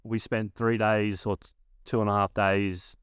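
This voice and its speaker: With a fairly low, unhurried voice that barely moves in pitch, this Australian man in his thirties sounds clean and echo-free in studio quality. A former pro basketballer and podcast guest, he tells a long story in a laid-back way, swearing heavily and filling his lines with "like."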